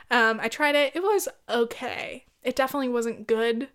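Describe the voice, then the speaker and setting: A woman with a slightly high, smooth and clear voice chats casually as a podcast host. She tells her story bluntly, swears freely and often breaks into laughter. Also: brisk, hardly any pauses, fairly bright tone.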